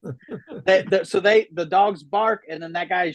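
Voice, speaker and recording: A man in his thirties doing stand-up from a room at home over a video call, chatty and self-deprecating, chuckling at his own lines. His voice sits a little high for a man, and the sound is dry and close. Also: moderate pace, dry recording, low-quality recording. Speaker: stand-up comedian. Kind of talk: stand-up comedy set. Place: home room, a former salon.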